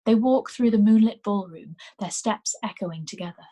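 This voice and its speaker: A woman reading a novel aloud as a storyteller, in a gentle, unhurried way, at home. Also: mid-range voice. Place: home, during lockdown.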